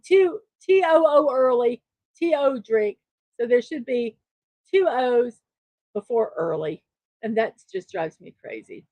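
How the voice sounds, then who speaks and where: A woman's voice: sits high, a little mellow, no room sound. A woman hosting a casual livestream show, reading memes aloud and chuckling at her own jokes.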